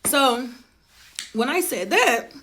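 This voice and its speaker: A woman in her forties telling a personal story in a blunt, profane and animated way. She talks quickly and emphatically, turns to the audience with asides, and slows down to stress her points. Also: sits high, very noisy. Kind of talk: casual storytime monologue.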